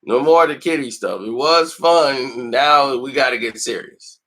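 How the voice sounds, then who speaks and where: A man's voice: mid-range voice, a little slow, sharp tone. A man hosting a film review channel, chatting casually and telling stories with lots of laughter and acted-out quotes. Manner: laughs often, tells stories animatedly; acts out quotes in put-on voices. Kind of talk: casual chat.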